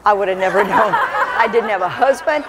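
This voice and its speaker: A woman's voice: medium pitch, expressive, normal speed, over a noisy crowd, very noisy. Woman evangelist preaching in a reverberant church. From Alaska. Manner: storytelling with humor, building to fervent preaching. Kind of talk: sermon. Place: church sanctuary.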